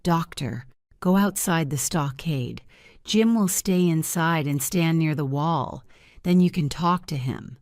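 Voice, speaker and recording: Woman reading a stern ship's doctor, firm, slow, lowish voice. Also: a little mellow, no room sound, studio quality. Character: stern but caring ship's doctor, grown man.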